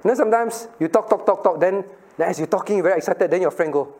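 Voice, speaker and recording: A man's voice: high voice, quick pace, darkish tone. A middle-aged man, a pastor giving a playful Bible lesson to children and asking them questions. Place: church room with children.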